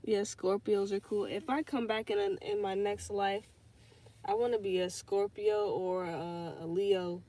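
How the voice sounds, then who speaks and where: A woman's voice: medium pitch, fairly even intonation, measured pace, mellow. A young woman hosting a casual podcast livestream, rambling and swearing as she thinks aloud, with lots of fillers. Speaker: podcast host.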